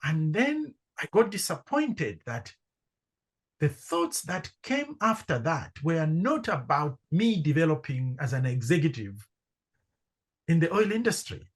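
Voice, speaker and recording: A middle-aged man from Zambia, a podcast guest telling a personal story with lively acted-out dialogue. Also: fairly high pitch, a little slow, slightly rough. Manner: animated storyteller acting out quoted voices. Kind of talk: storytelling in conversation.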